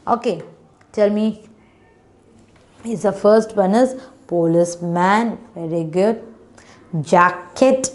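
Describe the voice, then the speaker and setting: Brief: woman teacher, children's phonics lesson, patient, sounds out words slowly, non-native English phrasing. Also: medium pitch.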